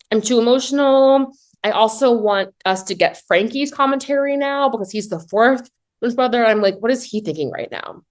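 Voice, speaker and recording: A woman giving a casual comedic movie recap, talking in a chatty, animated way with lots of "like" and dry low asides. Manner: chatty and animated, heavy use of "like"; swings between excited high pitch and low deadpan asides.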